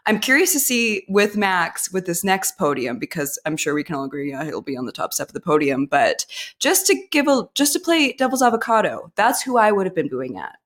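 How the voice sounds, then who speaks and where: A woman's voice: on the low side, very animated, brisk, a bit bright. A woman from Canada, guest on a sports podcast, chatting casually and giggling often.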